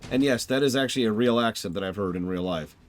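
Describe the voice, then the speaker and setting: A man's voice: fairly low pitch, fast talker. A man streaming a game, chatting casually and rambling, correcting himself as he goes. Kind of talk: casual gameplay commentary.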